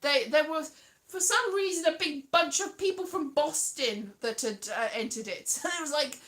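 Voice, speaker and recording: Bright, high-voiced chatty woman. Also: normal speed. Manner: chatty and giggly, rambling with frequent laughs; slips into silly put-on voices and sung bits. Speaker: host of a live weekly stream. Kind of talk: casual live chat.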